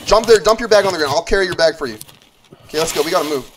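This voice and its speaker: A young man streaming a game, excitable and swearing, shouting orders to his teammate. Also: fairly high pitch, racing, noisy background. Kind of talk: live gameplay commentary. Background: background music.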